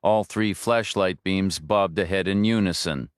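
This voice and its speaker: Brief: low-voiced man, steady audiobook narration, close dry mic. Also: measured pace, clean tone, no room sound. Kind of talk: scripted narration. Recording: dry close studio read.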